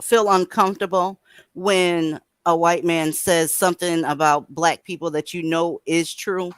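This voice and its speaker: A woman's voice: lowish voice, fairly even intonation, unhurried, smooth, no echo. A woman hosting a casual group discussion over a video call, blunt and putting questions to the others. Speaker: host.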